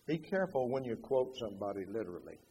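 A man preaching a sermon in an animated way, acting out quotes with changing loudness. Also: mid-range voice, quick pace, breathy edge, long reverb tail, low-quality recording.

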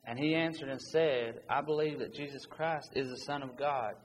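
A man's voice: medium pitch, moderate pace. A man preaching a sermon, reading scripture aloud in an earnest, urgent manner. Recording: long hall reverb with faint background noise.

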